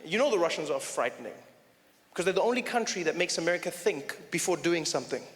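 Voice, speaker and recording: Male stand-up comic, bright high voice, chatty and animated; live hall reverb with faint ambience. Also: fast, a little hiss or hum. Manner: animated, conversational, lots of "you know". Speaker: stand-up comedian. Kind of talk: stand-up comedy routine. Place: comedy stage in a hall.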